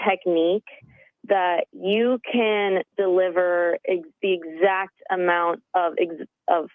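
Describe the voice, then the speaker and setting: A woman's voice: fairly low pitch, dry recording. A woman wrestling coach calling in to a radio interview, upbeat and earnest, with many "you know" fillers. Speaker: wrestling coach, phone-in guest. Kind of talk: phone interview. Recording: tinny phone line.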